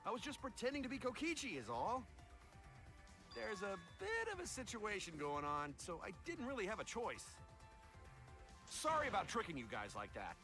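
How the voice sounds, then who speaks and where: A brash, breezy young man in a mech suit in a video game. His voice sits high and bright and swings all over, with game music behind. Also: huge pitch swings, moderate pace, exaggerated voice. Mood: cocky.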